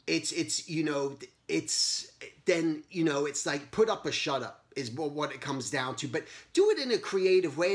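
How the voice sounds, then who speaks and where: A middle-aged man hosting a casual monologue, talking in an earnest, rambling way and asking many pointed questions. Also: fairly high pitch. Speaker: host.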